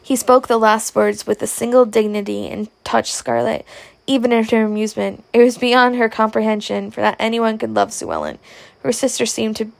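A woman reading a classic novel aloud, at a steady, unhurried pace. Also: mid-range voice, creaky, dry recording. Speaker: audiobook reader.

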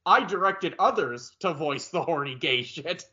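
A voice actor chatting on a podcast, animated and profane, breaking into laughter often. His voice sits a little high. The recording is dull and lo-fi. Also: unhurried. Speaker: voice actor guest. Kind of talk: casual podcast chat.

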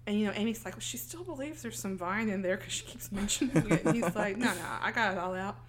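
A woman's voice: medium pitch, fast talker, a little hiss or hum. A woman co-hosting a podcast, casually recapping a film and acting out the characters' lines. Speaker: podcast co-host.

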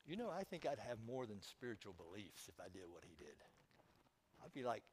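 A man's voice: fairly low pitch, very animated, fairly quick, darkish tone, a little hiss or hum. A man preaching a sermon to his congregation, telling a story and putting questions to his listeners. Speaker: pastor.

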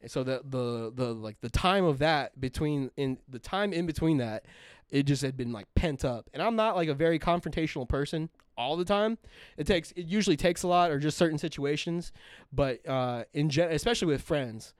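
A man's voice: fairly high pitch, moderate pace, clean tone, no echo, studio quality. A young man co-hosting a podcast, telling a long story in a casual, profane, rambling way with lots of fillers and restarts. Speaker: podcast co-host.

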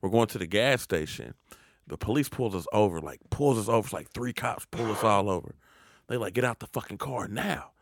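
A man's voice: on the low side, fairly quick, no room sound, clean studio sound. A man co-hosting a podcast, telling stories in a casual, profane way. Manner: animated, swears freely. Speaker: podcast co-host.

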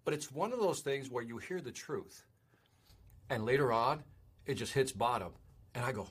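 A man hosting a casual interview, telling an animated story and acting out the quotes. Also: medium pitch, moderate pace, pauses often, slightly rough. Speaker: podcast host.

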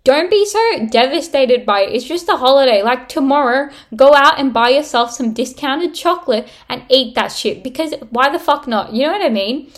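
A woman's voice: high-pitched, expressive, moderate pace, few pauses. A young woman hosting her own podcast, ranting bluntly in a casual, sweary way full of "like". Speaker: podcast host. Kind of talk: casual solo podcast rant.

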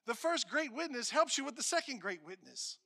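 A male pastor delivers a sermon in a high, ringing voice. He drives points home with repetition and swings from forceful declarations to quiet, hushed asides. The delivery is bright and insistent. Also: sing-song, brisk, gravelly. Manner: emphatic preaching, repeating phrases, swings from loud to hushed.

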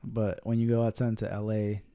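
A man's voice: on the low side, flat delivery, a little fast, smooth, dull audio. A man hosting a podcast, asking questions in an easygoing, friendly way. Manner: friendly, asks questions, says "man" a lot. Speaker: podcast host. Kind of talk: casual interview.

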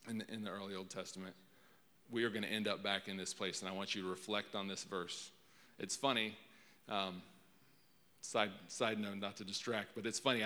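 A man's voice: fairly low pitch, pushed and bright. A man preaching a conversational sermon in a casual way, often repeating words as he restarts. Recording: long hall reverb.

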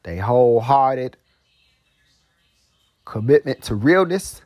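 A man in a casual monologue, swearing freely and leaning on street slang and filler asides. His voice sits at a middle pitch, and he drifts between a slow drawl and sudden quick bursts of storytelling. The sound is dry and close, with no room around it. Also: lively intonation, no echo, dull audio. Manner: drawls slowly, then bursts into fast heated storytelling. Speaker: host.

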